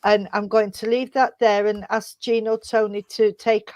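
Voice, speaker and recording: A woman giving a psychic reading as a medium, speaking softly and emotionally and calling the sitter sweetheart. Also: mid-range voice, steady tone, normal speed, dry recording. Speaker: spiritualist medium.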